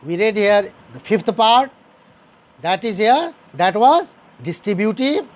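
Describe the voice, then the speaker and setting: A man's voice: high voice, animated, takes it slowly. A man teaching a grammar lesson, repeating each example sentence and explaining it step by step to his dear students. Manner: addresses listeners as dear students.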